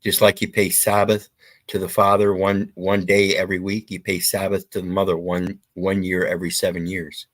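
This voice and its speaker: A man's voice: sits low, flat delivery, normal speed, fairly bright tone, no room sound. A man hosting opinionated commentary, blunt and preachy with some profanity. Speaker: commentary host.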